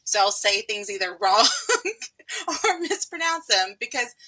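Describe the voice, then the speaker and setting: A woman's voice: medium pitch, animated, unhurried, sharp tone, low-quality recording. A woman with a light Southern US accent hosting a casual writing live stream, bubbly and laughing often.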